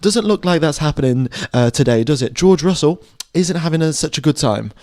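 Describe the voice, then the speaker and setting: Brief: young male stream commentator, fairly high voice, dry close mic, excitable and chatty with viewers. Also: fairly quick, no room sound. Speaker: live stream race commentator. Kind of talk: live motorsport commentary. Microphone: headphones on, home streaming mic.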